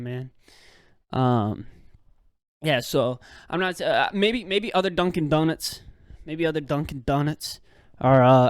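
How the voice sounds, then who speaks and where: A man's voice: on the high side, dry recording, clean studio sound. A young man hosting a podcast, telling a rambling, exasperated story in casual slang. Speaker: podcast host. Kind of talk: casual comedic rant.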